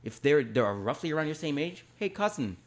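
A man with a fairly high voice and a very lively pitch, talking casually on a podcast. He is emphatic and swears, swinging between loud excited stretches and quieter remarks. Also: brisk. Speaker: podcast co-host. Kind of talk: casual chat.

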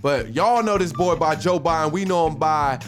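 A man's voice: moderate pace, over music. A man hosting a casual podcast, talking loosely and profanely, laughing often and swinging his voice up and down. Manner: loud, laughing, swings pitch up and down. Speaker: podcast host.

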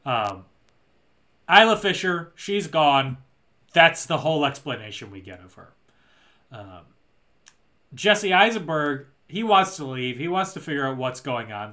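Bright-voiced man recapping a movie. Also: medium pitch, animated, unhurried. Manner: rambling, dry and joking. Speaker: podcast co-host. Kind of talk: casual movie recap chat.

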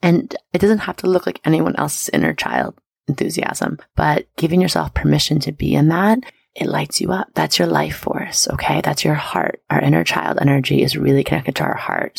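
Woman podcast host, gravelly fry throughout, close and dry. Bubbly, affirming, coaching. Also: sits low, moderate pace, no room sound. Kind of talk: casual motivational talk.

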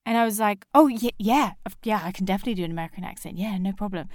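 A young woman in casual chat, telling a story with animated acted-out quotes. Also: medium pitch, racing, dry recording, studio quality.

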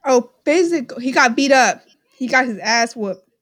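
A young woman from Texas co-hosting a podcast in casual chat, joking and quick to laugh. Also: a little high, expressive, a bit bright. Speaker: podcast co-host.

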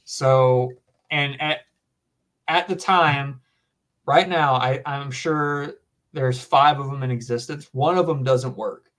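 A young man in his twenties with a Southern US accent chats casually on a podcast. He rambles, fills gaps with um, and calls people dude and man, in a mid-pitched voice. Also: slow, fairly bright tone. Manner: rambling, filler-heavy, says dude and man. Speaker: podcast guest. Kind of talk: casual chat.

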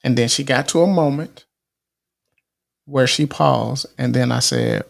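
Offering sincere motivational guidance on his podcast, a middle-aged man sounds casual and preachy, frequently restarting phrases and saying things twice. His voice is fairly high, husky, and creaky, very animated yet unhurried, with long pauses.

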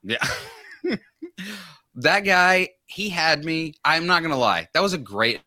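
A man's voice: a little high, animated, takes it slowly, bright, forceful tone, no echo, clean studio sound. A man in his thirties hosting a casual comedy podcast, joking and laughing often. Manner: joking, laughs often, quotes people in silly voices. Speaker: podcast host.

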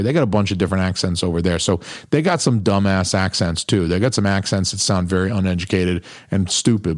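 A man's voice: lowish voice, darkish tone, dry recording, studio quality. A man hosting his podcast, talking in a crude, blunt, rambling way and swearing constantly. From New Hampshire. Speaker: podcast host. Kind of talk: profane casual monologue.

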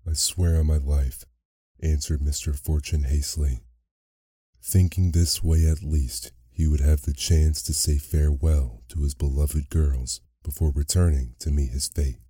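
Very deep slow male storyteller. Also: steady tone, breathy edge, dry recording, studio quality. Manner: soft, unhurried storytelling. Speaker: bedtime story narrator. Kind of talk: slow bedtime story reading.

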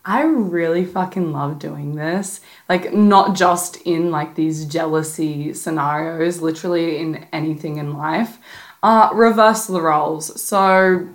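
A young woman with a slightly low voice talks straight into the mic like she's giving a friend tough love. She's sassy, blunt and profane, all casual podcast chat. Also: takes it slowly. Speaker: podcast host. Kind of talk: casual advice podcast monologue.

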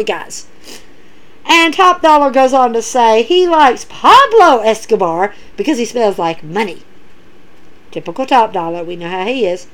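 A woman with a high voice that swoops up and down, recapping wrestling shows. She talks in an excitable, animated way and retells the quoted lines as she goes. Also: low-quality recording. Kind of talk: casual recap commentary.

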